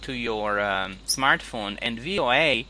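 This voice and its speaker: A man's voice: mid-range voice, expressive, a little slow, pushed and bright, a little hiss or hum, low-quality recording. A man teaching in a one-on-one online lesson, patiently repeating key words for his student. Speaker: English teacher.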